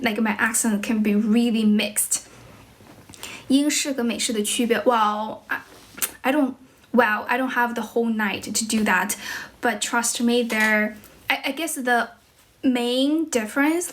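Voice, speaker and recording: A woman's voice: a little high, a bit bright. A young woman from China, speaking English with a Chinese accent, chatting on a livestream as an English teacher and switching between English and Chinese as she answers viewers. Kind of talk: livestream chat.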